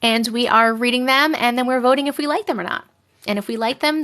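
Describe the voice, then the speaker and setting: A woman's voice: on the high side, a little fast, fairly bright tone. A young woman hosting a casual live stream, chatting with viewers and reading their stories aloud, giggly and sometimes dropping to a whisper.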